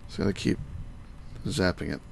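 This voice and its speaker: A man's voice: brisk, slight background noise. A man thinking aloud as he plays a game on a live stream, muttering to himself and greeting his viewers.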